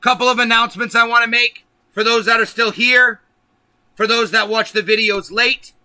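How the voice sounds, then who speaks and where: A man's voice: very high-pitched, steady tone, moderate pace, pushed and bright, clear, resonant tone, no echo. A man hosting a political livestream, ranting angrily and emphatically with lots of profanity. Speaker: livestream host.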